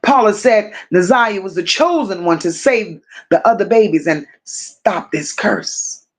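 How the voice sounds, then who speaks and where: A woman runs a live stream, reading out viewer comments and replying to them. Her medium-pitched voice is animated, and she talks slowly, repeating phrases for emphasis and addressing viewers as if they were close friends.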